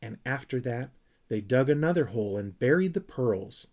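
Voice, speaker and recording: A man narrating a children's storybook with a gentle, expressive reading. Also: mid-range voice, moderate pace. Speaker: audiobook reader.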